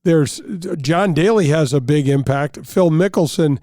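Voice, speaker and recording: A man's voice: fairly high pitch, measured pace, warm tone, no echo, clean studio sound. A man co-hosting a golf talk show, speaking conversationally with frequent halts and restarts. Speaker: radio show co-host. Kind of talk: casual sports talk.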